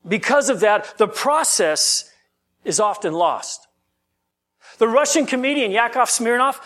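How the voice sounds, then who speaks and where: A male pastor with a very high voice that rises and falls a great deal as he preaches. He reads scripture in a measured way, then shifts into loose, conversational teaching with frequent restarts. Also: fairly bright tone. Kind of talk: sermon.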